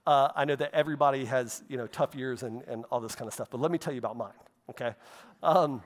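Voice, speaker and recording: A pastor with a mid-range voice preaches quickly in a loose, conversational sermon full of asides and tag questions like "right?" and "okay?" He's an adult who has walked with faith over half his life, recorded with long hall reverb.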